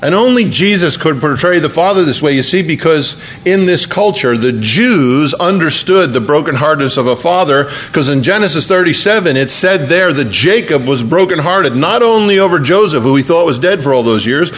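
A man's voice: a little high, animated, normal speed, hardly any pauses, a bit bright. A man pastor delivering a sermon to a congregation in church, telling a story and often repeating his words as he preaches.

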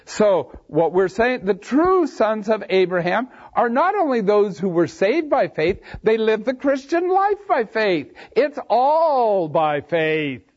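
Lively high-voiced preacher, lo-fi recording. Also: male voice, slow, few pauses. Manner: reads scripture aloud then explains it, stresses key phrases. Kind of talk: expository Bible teaching. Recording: dull lo-fi sermon recording.

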